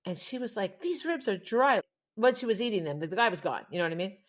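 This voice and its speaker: A woman co-hosting a casual podcast chat speaks rapid-fire at a medium pitch. She's an animated storyteller who laughs often and acts out the voices of people she quotes.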